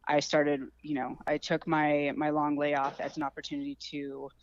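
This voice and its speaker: A woman's voice: deep voice, monotone, normal speed, no room sound. A woman in her thirties, a fighter, talking candidly and reflectively on a phone call with lots of ums. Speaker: guest fighter. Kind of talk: casual interview by phone.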